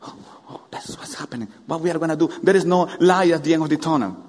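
A man preaching a sermon, animated, firing rhetorical questions at the congregation. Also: on the high side, fast talker. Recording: long hall reverb.

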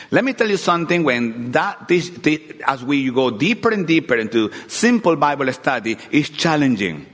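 Man preaching. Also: a little high. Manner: earnest, repeats words, swings from loud to hushed. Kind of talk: sermon with personal testimony. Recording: long hall reverb.

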